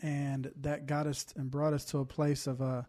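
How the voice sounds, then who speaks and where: A man talks through a heartfelt personal testimony, his voice mellow and dark in tone. His pitch stays flat and steady while he pauses with fillers and holds back tears. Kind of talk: casual testimony chat.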